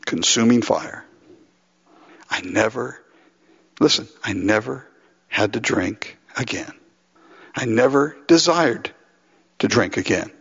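A pastor from Los Angeles preaching with a lively, swinging delivery and a slightly husky voice. He acts out heartfelt prayers and keeps chuckling as he goes. The recording is dull and lo-fi, and a long reverb trails off in a large hall. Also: mid-range voice, slow, pauses often. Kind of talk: sermon.

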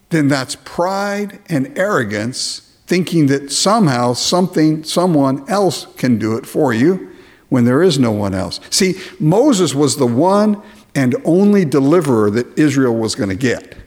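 Animated male preacher with lively pitch. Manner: animated preaching, mocking imagined complainers in put-on voices. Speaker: pastor. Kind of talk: sermon.

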